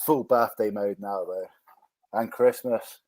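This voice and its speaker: A man speaks in a fairly low voice during a casual live chat as a co-host or guest. He talks in a relaxed way, letting his phrases trail off softly. The sound is dry, with no room echo. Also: slow pace.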